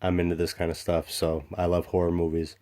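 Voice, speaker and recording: A man casually showing off comic books in a rambling vlog, excited and full of fillers and restarts. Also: low voice, a little fast. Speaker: comic book collector vlogger. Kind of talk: casual show-and-tell vlog.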